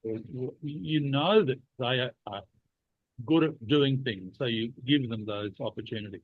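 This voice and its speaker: A man hosting a leadership program talks at a moderate pace in a medium pitch, sounding like he has a cold. His casual podcast discussion is chatty with playful teasing, and the recording is dry and tinny, much like a phone line.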